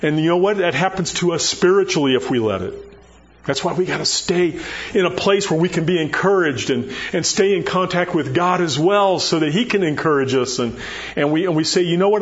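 A man preaching a sermon in a conversational, animated way, acting out Bible dialogue as he goes. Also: on the high side, muffled recording.

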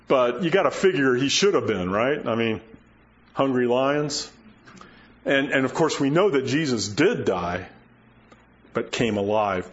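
A man's voice: mid-range voice, dull audio. A male pastor preaching a conversational sermon, often checking in with his listeners. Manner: folksy, asks listeners "right?" and "okay?".

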